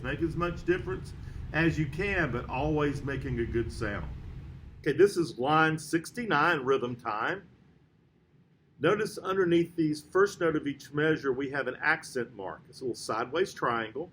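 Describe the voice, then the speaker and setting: A man teaching a beginner trumpet lesson, calling out note names and counting beats in a steady, patient way. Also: on the high side, slight background noise, low-quality recording. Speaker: music teacher. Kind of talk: band method lesson.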